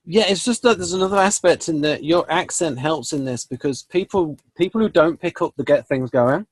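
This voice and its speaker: A man's voice: fairly high pitch, a little fast, slightly rough, no echo. A man talking thoughtfully with a guest about personality styles, agreeing and adding examples. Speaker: channel host. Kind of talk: conversational discussion.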